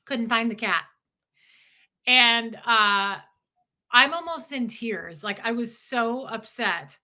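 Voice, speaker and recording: Bright, animated woman telling a story. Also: fairly high pitch, slow. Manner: animated storyteller who acts out quotes. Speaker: livestream co-host. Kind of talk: casual chat storytelling.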